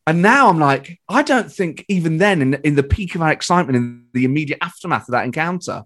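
A British comedian telling an anecdote in casual chat, animated and shifting between loud and hushed. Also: male voice, on the high side, fast. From Britain. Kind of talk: casual storytelling.

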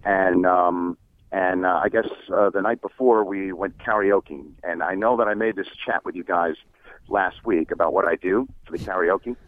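A man's voice: deep voice, fairly even intonation, moderate pace, no echo. A man co-hosting a podcast over the phone in casual chat, rambling with lots of fillers and restarts. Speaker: podcast co-host. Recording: tinny phone line.

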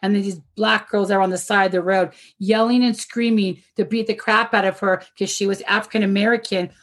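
A woman telling a story in a casual video-call chat, animated and laughing often as she talks. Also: medium pitch, brisk.

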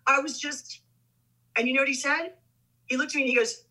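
Poor audio captures a middle-aged actress guesting on an interview podcast, speaking briskly in a high voice with long pauses. She chats casually, bringing her stories alive by performing the quoted dialogue.

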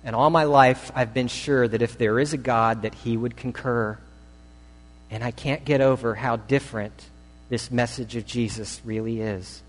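A man's voice: medium pitch, fairly even intonation, normal speed, voice pushed down, natural voice. A male preacher voicing a sophisticated secular woman who speaks hesitantly and earnestly, heard in a reverberant hall. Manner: hesitant, confiding.

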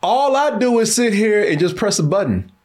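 A man co-hosting a livestream in casual chat, animated and quick to laugh. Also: high voice. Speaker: stream co-host.

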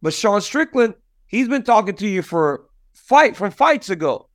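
A man with a high voice hosts a casual interview. He asks direct, leading questions in an easy, conversational way. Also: sing-song, a little slow, fairly bright tone. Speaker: host.

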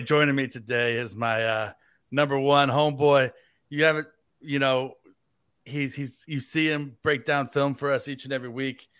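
A man's voice: mid-range voice, fairly bright tone, smooth, dry recording, studio quality. A man hosting a sports podcast, talking in a joking, rambling, playful way. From United States. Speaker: fill-in podcast host. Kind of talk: casual sports podcast banter. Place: living in Tampa, Florida.

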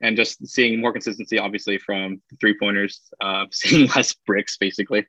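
A man gives his casual draft analysis as a podcast guest, his voice bright and forward. The recording is dry and a little dull, with no room sound around him. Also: on the low side, normal speed, dry recording. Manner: loose and relaxed, with many fillers. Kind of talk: casual basketball draft chat.

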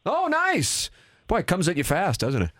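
A man's voice: high voice, huge pitch swings, moderate pace, fairly bright tone, dry recording. A man hosting a sports talk radio show in a studio, bantering upbeat and joking with a guest. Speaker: radio host.

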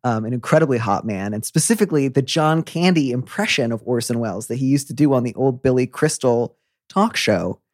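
A young adult man hosting a podcast, chatting in an effusive, animated way. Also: medium pitch, fairly quick, no echo, clean studio sound. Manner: animated, effusive, breaks into quoted voices. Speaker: podcast host. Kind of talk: casual conversational chat.

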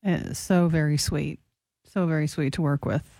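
A woman's voice: deep voice, steady tone, normal speed, mellow, no room sound, studio quality. A woman co-hosting a radio show, chiming in with brief, agreeing remarks in casual on-air banter. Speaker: radio co-host.

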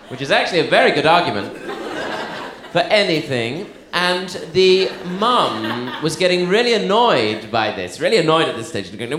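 Comic telling a story, animated and theatrical, roomy venue sound. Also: male voice, fairly high pitch, fairly quick, noisy background. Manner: playful, theatrical, digressive. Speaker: stand-up comedian. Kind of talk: stand-up storytelling.

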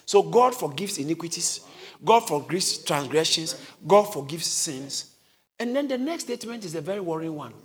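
A man preaching a sermon who often shouts and calls on the congregation to answer him, with listeners heard in the church. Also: fairly high pitch, expressive, normal speed.

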